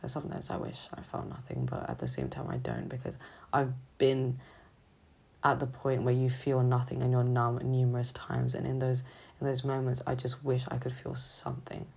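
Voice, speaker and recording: A young woman student talking haltingly and hesitantly in a confessional vlog, sounding drained and low on energy. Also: gravelly, darkish tone. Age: young adult. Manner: halting, hesitant, full of restarts. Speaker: student vlogger.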